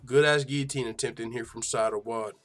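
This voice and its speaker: A man's voice: medium pitch, fairly even intonation, fairly quick, a bit bright, soft background music. A slightly tipsy man hosting a live fight reaction stream, rambling and swearing in casual, boastful talk. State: a little tipsy. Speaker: livestream host reacting to fights.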